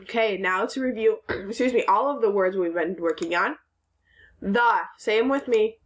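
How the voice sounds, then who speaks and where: A woman's voice: mid-range voice, normal speed. A woman teaching a recorded phonics lesson to children, patiently sounding out letters and words.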